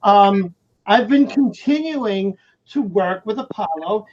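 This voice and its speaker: A woman hosts a casual livestream and reads viewer comments aloud. She talks slowly with a lively, swinging pitch. The audio is dull and lo-fi. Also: a little hiss or hum. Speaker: livestream host.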